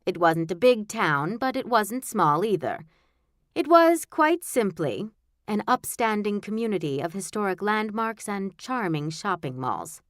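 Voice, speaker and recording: A woman narrating a children's audiobook in a wry, expressive storytelling manner. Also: lowish voice, dry recording, clean studio sound. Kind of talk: scripted narration.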